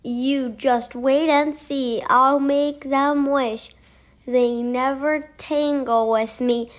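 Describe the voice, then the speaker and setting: A woman reading a story aloud slowly, stumbling over words and getting corrected. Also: sits high, steady tone. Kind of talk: slow read-aloud.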